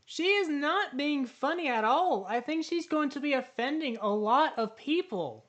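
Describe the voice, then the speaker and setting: A woman's voice: high voice, animated, normal speed, a bit bright, dull audio. A woman hosting a reaction video, talking back indignantly to the clip she watches. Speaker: reaction channel host. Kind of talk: casual reaction commentary.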